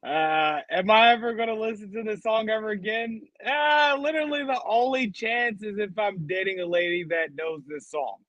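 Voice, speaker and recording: A laid-back man in casual podcast chat, swearing easily as he rates songs. His voice sits a little high, and the sound is dry and slightly dull, like a lo-fi call. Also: normal speed, few pauses, fairly bright tone, no room sound. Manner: laid-back, profane, gives scores. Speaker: podcast co-host. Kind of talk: casual music review chat.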